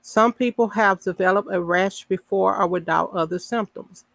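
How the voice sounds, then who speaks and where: Woman slowly reading health notes. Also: medium pitch, gravelly, a bit bright, poor audio. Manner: reads slowly with fillers and self-corrections; adds casual asides. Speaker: podcast host. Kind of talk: reading health information aloud.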